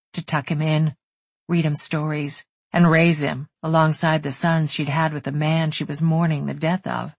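Low, husky-voiced woman narrating. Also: dry recording. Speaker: audiobook narrator. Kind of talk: scripted narration.

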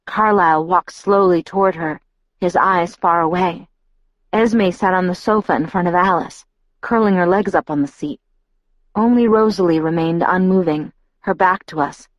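A woman reading a novel aloud in steady first-person storytelling. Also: lowish voice, no echo. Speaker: audiobook narrator. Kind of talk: scripted narration.

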